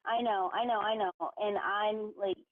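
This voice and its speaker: A woman on a phone call, halting and apologetic, stumbling over her words. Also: mid-range voice, fairly even intonation, no echo. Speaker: caller. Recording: tinny phone line.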